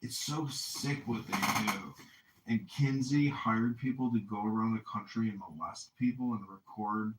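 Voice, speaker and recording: A man's voice: on the low side, a little slow, heavy background noise. A man hosting a podcast and chatting casually, rambling with constant fillers and frequent swearing. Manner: rambling, profane, heavy on "like". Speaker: podcast host. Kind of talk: casual chat. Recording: echoey room, distant mic.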